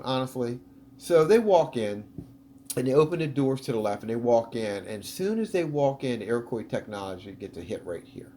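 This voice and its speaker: A man's voice: mid-range voice, a little mellow. Chatty man narrating over footage. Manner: chatty, enthusiastic, many ums. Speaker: video host analyzing footage. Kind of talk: casual commentary over footage.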